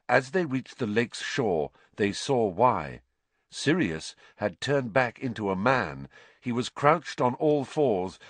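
A man narrating a story aloud, expressive and dramatic, rising with the action. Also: medium pitch, breathy edge, no echo. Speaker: audiobook narrator.

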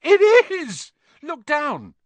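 Guy putting on an excited eleven-year-old boy, jumpy sing-song voice, dry close mic. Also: mid-range voice, a little slow, no echo. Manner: gasping, wide-eyed excitement.

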